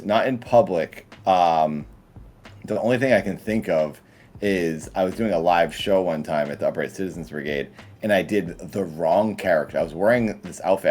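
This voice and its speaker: A man, a guest comedian, telling rambling stories in casual podcast chat. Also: deep voice. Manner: rambling, animated storytelling.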